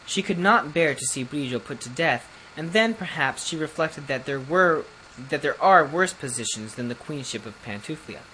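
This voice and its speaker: A man narrating a fairy tale as an audiobook reader, steady and even, with occasional slips and restarts. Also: fairly high pitch, normal speed, a little hiss or hum, low-quality recording. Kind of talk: storybook narration.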